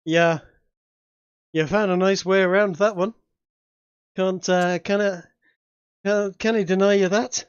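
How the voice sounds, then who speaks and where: A man putting on a sly, genial crossroads demon who haggles in a slow, folksy drawl, pitched a little above a plain talking voice. It comes through dry, dull, lo-fi voice-chat audio, close and without any room sound. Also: fairly even intonation, smooth, no echo. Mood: sly, bargaining. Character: scheming male crossroads demon, genial bargainer.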